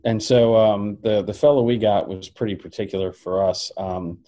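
A middle-aged man co-hosting a podcast, telling a travel story in an animated way and laughing often. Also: lowish voice, moderate pace. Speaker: podcast co-host. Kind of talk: casual chat.

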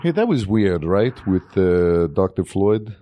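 A man doing a deadpan Russian cosmonaut. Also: sits low, a little slow, no echo. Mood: musing. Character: deadpan adult male cosmonaut with mock Russian accent.

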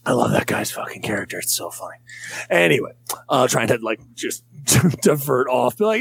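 A man with a gravelly, creaky voice rambles through casual podcast chat, crude and jokey and full of restarts. The sound is dry and close, with no room around it. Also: medium pitch, very animated, moderate pace, a bit bright, no echo. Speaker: comedian.

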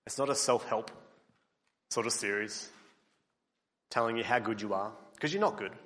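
A man preaching a sermon, earnest, building to emphatic peaks and then dropping quiet. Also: fairly low pitch, normal speed, big-room sound. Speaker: pastor.

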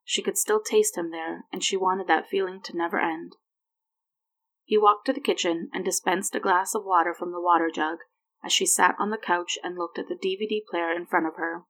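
A woman reading a piece of romantic fan fiction aloud in a steady, plain storytelling manner. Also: on the low side, moderate pace, low-quality recording. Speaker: reader.

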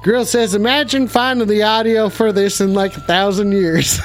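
A man hosting a casual call-in show, talking in a put-on cowboy drawl and playing it up for laughs. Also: high voice. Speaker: host of a call-in stream. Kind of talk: casual live call-in chat.

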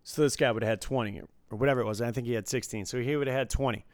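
A man who supervises casino tables, chatting casually and telling an animated story with frequent restarts. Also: mid-range voice, racing, dry recording. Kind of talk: casual chat.

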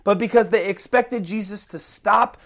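A preacher giving a sermon, emphatic, slowing down to stress key phrases. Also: mid-range voice. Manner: emphatic, shifting pace with slow stressed phrases.

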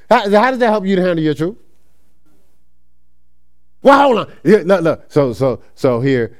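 A male pastor delivering a sermon in a loose, conversational way. His voice sits high and leaps around with expressive swings. He slips into quick acted-out exchanges and laughs along with his own points. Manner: animated, conversational, acts out quick dialogues, laughs often. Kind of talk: lively preaching sermon.

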